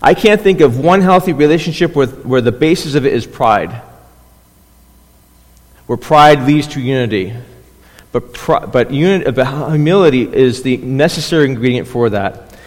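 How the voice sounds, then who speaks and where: Speaking at a moderate pace in a medium-pitched voice, this man delivers a conversational sermon as a pastor. He keeps checking in with the audience, restarting and repeating words, while long hall reverb fills the sound.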